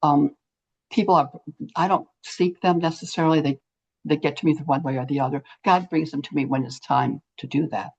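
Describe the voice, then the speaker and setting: A woman's voice: sits low, a little fast, creaky, slightly rough. An older woman, a guest in an interview, telling a story earnestly and acting out what people said. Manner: earnest, animated storyteller who acts out quotes. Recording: muffled lo-fi audio.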